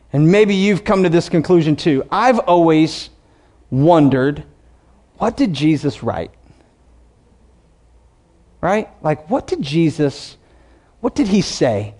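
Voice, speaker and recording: High-voiced man preaching animatedly. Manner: animated preaching, reads scripture slowly, acts out voices. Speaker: pastor. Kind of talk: sermon.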